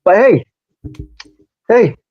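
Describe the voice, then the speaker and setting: A man's voice: sits high, very animated, extremely slow, muffled recording. A man co-hosting a casual football podcast who rants in slangy, repetitive bursts. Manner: ranting, repeats phrases, slangy. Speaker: podcast co-host.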